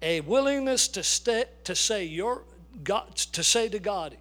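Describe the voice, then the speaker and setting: An older man preaching a sermon as a pastor, emphatic, slowing down to stress key words. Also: sits high, animated, a bit bright.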